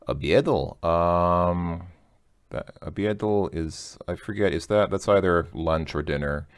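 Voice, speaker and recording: A man's voice: low voice, a little slow, clean tone, no echo. A man casually explaining a language lesson, chatty and joking, thinking aloud as he goes. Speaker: language teacher.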